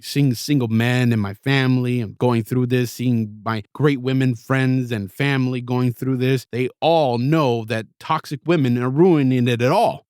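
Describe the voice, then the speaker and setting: A man's voice: mid-range voice, no echo, studio quality. A man hosting a podcast, ranting through a blunt, heavily profane monologue. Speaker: podcast host.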